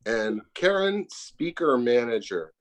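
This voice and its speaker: Um homem convidado numa entrevista casual por chamada de vídeo, que fala de modo modesto e hesitante, com muitas pausas. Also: male voice, mid-range voice, very animated. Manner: modest, hesitant, with many fillers. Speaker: guest, pedal maker. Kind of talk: casual video-call interview. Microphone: phone on a video call.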